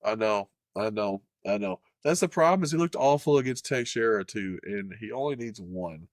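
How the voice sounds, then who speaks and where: A man's voice: on the low side, normal speed, no room sound, clean studio sound. A man co-hosting a sports podcast in casual chat, swearing freely and breaking into playful impressions. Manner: profane, animated, jumps into playful impressions. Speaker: podcast co-host.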